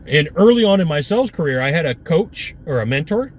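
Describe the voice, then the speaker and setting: A man giving an energetic, punchy sales coaching talk with lots of repetition. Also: on the high side, a little fast, a little hiss or hum.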